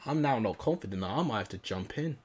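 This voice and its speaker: A man's voice: lowish voice, lively intonation, fast, a little mellow, breathy edge. A young man commentating live on his football game, frustrated and exclamatory, cursing at his players. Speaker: gaming YouTuber.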